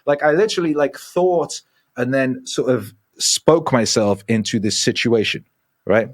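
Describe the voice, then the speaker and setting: A man's voice: medium pitch, measured pace. A man who is a guest on a casual podcast, telling long profane stories with acted-out voices. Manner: profane, rambling storyteller who acts out voices.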